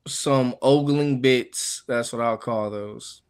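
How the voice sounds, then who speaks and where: A man's voice: medium pitch, takes it slowly, clear, resonant tone. A man co-hosting a casual anime podcast, chiming in with wry remarks. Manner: wry, laughs at himself. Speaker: podcast co-host.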